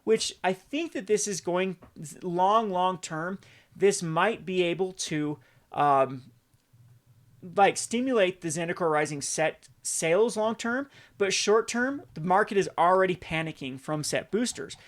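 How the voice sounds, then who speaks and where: Guy rambling thru market commentary, lots of restarts, kinda fed up, voice a bit high. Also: animated, measured pace. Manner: rambling, self-correcting, exasperated asides. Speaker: channel host. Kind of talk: casual market commentary video.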